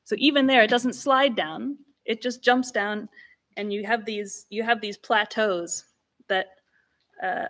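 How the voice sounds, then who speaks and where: A woman gives an academic lecture at a symposium. Her voice sits at a middle pitch, and she explains each point patiently. She often restarts phrases and adds asides as she goes. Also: fairly bright tone. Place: symposium venue.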